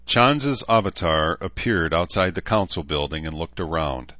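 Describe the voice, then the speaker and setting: A man narrates a novel in a very low voice, raising it to play the characters' dialogue. The recording is dry with no room sound and a slightly dull, muffled tone. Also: expressive, moderate pace, few pauses, bright, forceful tone, no room sound. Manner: acts out characters' lines with raised pitch and force. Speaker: audiobook narrator. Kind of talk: scripted narration.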